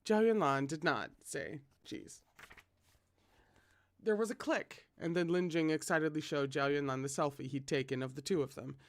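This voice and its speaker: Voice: medium pitch, moderate pace, no room sound. A fan reader reading a novel aloud, with chatty asides to viewers. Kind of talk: casual read-aloud of a novel.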